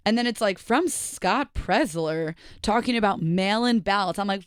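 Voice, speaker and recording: A woman's voice: mid-range voice, fairly quick, clean tone, no room sound, studio quality. A young woman from New Jersey, hosting a casual solo podcast and chatting animatedly, with lots of "like" asides. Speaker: podcast host.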